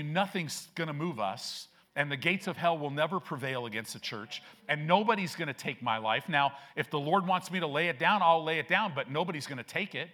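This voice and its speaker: In a church sanctuary, an older man preaches with a fairly high, bright, forceful voice. His sermon moves from chatty stories to emphatic declarations.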